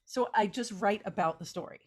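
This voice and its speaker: A woman's voice: mid-range voice, a little fast, a crowd in the background. A woman co-hosting a casual chat about novel writing, rambling with lots of "like" fillers and frequent laughs. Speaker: podcast co-host, novelist.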